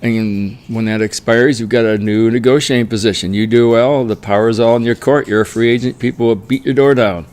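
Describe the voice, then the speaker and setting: A middle-aged man talking through his opinions in a relaxed, unscripted monologue. His voice sits at an ordinary middle pitch, and he sounds firmly opinionated as he argues his point. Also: fairly quick, few pauses, clear, resonant tone. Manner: opinionated, mocks players in whiny quoted voices. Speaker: sports commentary vlogger.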